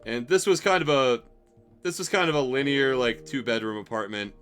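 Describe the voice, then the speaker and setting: A man's voice: medium pitch, moderate pace, fairly bright tone, faint music behind. A young man telling a rambling, profanity-laced story about a bad job, exasperated and wry. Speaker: streamer telling stories. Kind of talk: casual storytelling.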